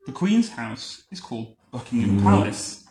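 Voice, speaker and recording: A man reading a picture book aloud to a child at home, adding wry, deadpan comments between the lines. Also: lowish voice, moderate pace, background noise. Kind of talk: bedtime story reading with joking asides. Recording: roomy echo.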